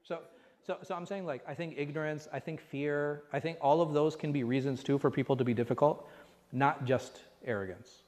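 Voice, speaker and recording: An imam with a slightly high, darkish voice speaks at normal speed while teaching a conversational religious class, often posing rhetorical questions to the room. The recording comes from a mosque class hall with plenty of reverb.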